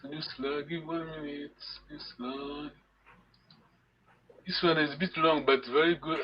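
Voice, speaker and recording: A man's voice: a little high, steady tone, a little slow, dull audio, a little hiss or hum. A man from Congo, teaching a live online language lesson over a video call. He explains patiently and repeats words for his students to echo.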